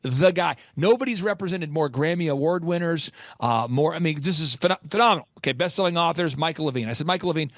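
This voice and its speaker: Man, business podcast host, emphatic, energetic storytelling, slightly high voice, dry sound. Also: fast talker, few pauses, no room sound.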